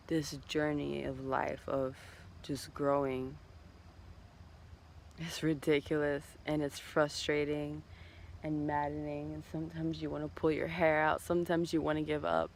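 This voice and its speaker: High-voiced gravelly man, rambling and heartfelt. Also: slight background noise. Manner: rambling, heartfelt, swears casually. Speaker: tarot reader. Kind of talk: casual spiritual vlog talk.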